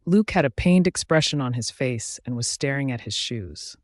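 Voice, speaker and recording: A man reading a first-person story aloud as narrator in a steady, even manner. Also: medium pitch, moderate pace, dry recording, studio quality.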